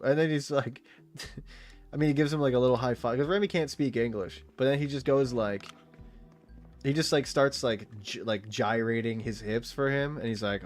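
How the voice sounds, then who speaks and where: A man's voice: mid-range voice, normal speed, faint music behind. A young man streaming a game, chatting in a rambling, crude, giggly way. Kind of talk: casual chat while streaming a game.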